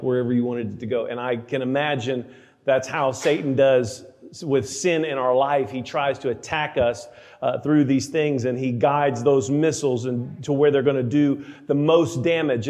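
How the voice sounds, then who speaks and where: A man preaching a sermon, emphatic, slowing down to read scripture aloud. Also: medium pitch, darkish tone, long reverb tail. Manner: emphatic, slows for scripture readings.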